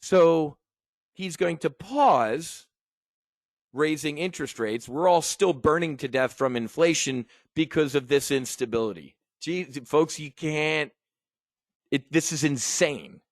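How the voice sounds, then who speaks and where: A man's voice: a little high, takes it slowly, dry recording, clean studio sound. A middle-aged man from the United States ranting angrily and emotionally to viewers, swearing and stumbling over restarts as he teaches trading. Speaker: trading educator. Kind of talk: impassioned rant to viewers.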